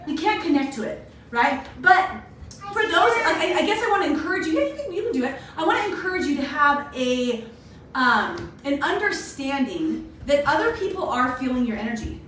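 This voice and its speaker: A woman's voice: sits high, normal speed, slight background noise. A woman hosting a daily live video, talking casually and animatedly to her viewers. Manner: chatty, animated, addresses viewers as "you guys". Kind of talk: casual motivational talk. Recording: very echoey room, voice far from mic.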